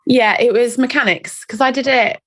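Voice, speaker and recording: A woman, a guest talking in a casual interview in a chatty, self-mocking and animated way. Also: on the high side, normal speed. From England.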